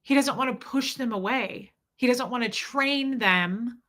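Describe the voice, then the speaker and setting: Bright-voiced woman telling a candid personal story. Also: fairly high pitch, a little slow. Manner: open, confessional, acts out voices of people in her stories.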